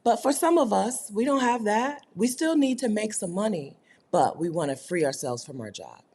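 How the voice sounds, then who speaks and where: A woman's voice: medium pitch, lively intonation, normal speed, mellow, breathy edge. A woman hosting a casual livestream, chatting with viewers, reading their comments aloud and laughing often. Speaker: host of a livestream for her community.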